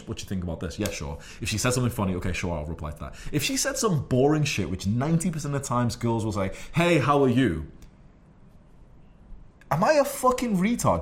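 Blunt, crude young man lecturing. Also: medium pitch. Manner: blunt, crude and condescending, swears constantly. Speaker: dating advice host. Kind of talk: profane advice monologue.

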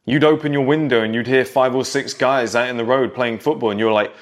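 Speaking a little fast in a steady, mid-range voice, a male vlogger in his thirties gives a casual, nostalgic monologue straight to camera. He speaks directly to younger viewers, recalling his childhood with a lecturing edge.

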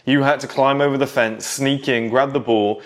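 A man's voice: mid-range voice, steady tone, normal speed. Man reminiscing to younger viewers. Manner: nostalgic, lecturing younger viewers directly. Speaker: vlogger. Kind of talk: casual monologue to camera.

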